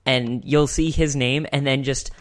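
A young podcast host chats casually into a desk microphone, rambling and chuckling often. His mid-range voice moves a little slowly with fairly even intonation.

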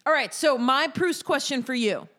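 Woman podcast host, higher voice, teasing banter, keeps the show moving. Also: expressive, moderate pace, fairly bright tone. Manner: teasing, laughs often, leads the segments. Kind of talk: casual chat.

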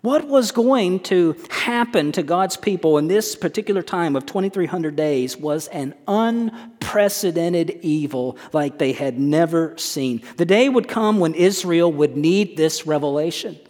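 A man's voice: on the high side, lively intonation, a little slow, hardly any pauses, a little mellow. A male pastor preaching a sermon, emphatic, often putting rhetorical questions to his congregation. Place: church sanctuary. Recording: long church hall reverb.

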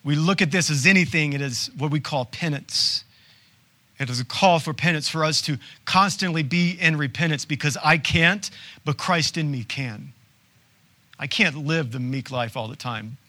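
A male pastor preaching a sermon in a conversational way, asking rhetorical questions and tossing in quick asides. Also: a little high, pushed and bright.

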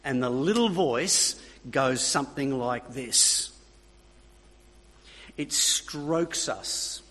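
A man's voice: mid-range voice, expressive, extremely slow, fairly bright tone, slightly rough. A man preaching a sermon, emphatic, repeating key phrases and checking in with his listeners. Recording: long reverb of a hall.

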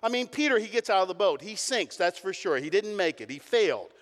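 A middle-aged pastor preaching with animated, emphatic delivery. His voice sits a touch high for a man, and it rings out with a long hall reverb in a church sanctuary. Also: fairly quick. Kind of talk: sermon.

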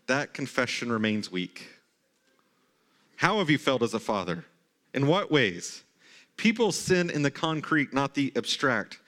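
A man in his thirties preaching a sermon in a church, talking in a conversational way with animated, mock-incredulous asides. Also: mid-range voice, normal speed, pauses often. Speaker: pastor. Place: church sanctuary.

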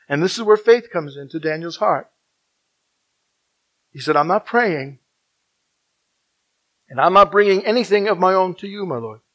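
High, bright-voiced male preacher. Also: animated, normal speed, pauses often, low-quality recording. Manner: dynamic preaching, swinging from loud emphasis to hushed near-whispers; emphatic repetition. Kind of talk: sermon.

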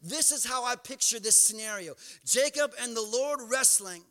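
A male pastor preaching a sermon, moving from quiet storytelling to impassioned, near-shouted exhortation. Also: very high-pitched, lively intonation, moderate pace. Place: church sanctuary. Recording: church hall reverb.

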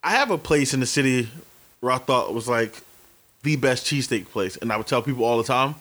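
Animated, profane man telling stories. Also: medium pitch, brisk. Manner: animated storyteller, swears freely, acts out dialogue. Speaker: podcast co-host. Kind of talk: casual profane chat.

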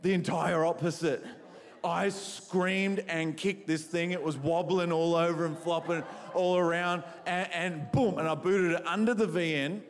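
A man's voice: fairly high pitch, unhurried. An Australian man preaching and telling funny stories, asking the crowd questions and poking fun at himself. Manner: animated, quizzes the crowd, self-mocking. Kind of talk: humorous sermon storytelling. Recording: echoey hall.

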